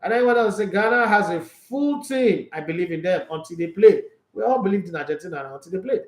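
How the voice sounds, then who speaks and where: Brief: high-pitched Nigerian male sports host, outspoken and emphatic, echoey room. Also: expressive, fairly quick. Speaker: sports talk show host. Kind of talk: casual sports commentary, reading viewer comments.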